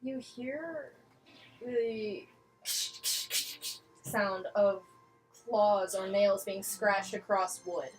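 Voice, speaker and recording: A woman narrating a tabletop game as game master, self-mocking and quick to laugh. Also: mid-range voice, soft background music, rough recording.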